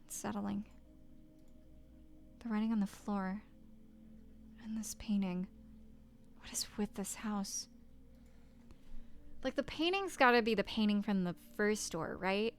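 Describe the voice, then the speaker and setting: A young woman streaming a game, talking casually and hesitantly, breaking off and dropping into soft whispers. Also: mid-range voice, measured pace, pauses often. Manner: hesitant, self-interrupting, with soft whispered asides. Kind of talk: casual gameplay commentary.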